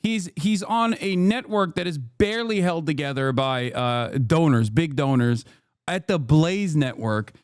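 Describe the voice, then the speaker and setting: A man hosting a live stream, giving profane, excitable and mocking political commentary. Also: fairly high pitch, measured pace, clean tone, no room sound, clean studio sound. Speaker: streamer host.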